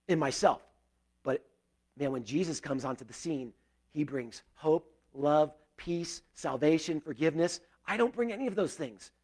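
A middle-aged male pastor with a slightly high voice delivers an earnest, conversational sermon. He breaks into loud bursts and drops to hushed prayers.

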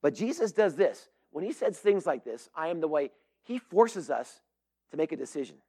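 A man's voice: a little high, big pitch swings, normal speed, dark tone, slightly rough. A middle-aged man preaching a sermon as pastor, earnest and emphatic, with frequent fillers and restarts.

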